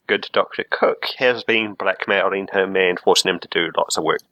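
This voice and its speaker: A man talking casually as a player in a tabletop game, relaxed as he explains his character's backstory at length. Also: deep voice, normal speed, dry recording, muffled recording.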